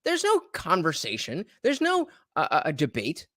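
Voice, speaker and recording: A man's voice: a little high, wildly swooping pitch, normal speed, pushed and bright, no echo, clean studio sound. A man hosting a livestream reaction, talking in a rambling casual way with many fillers and restarts.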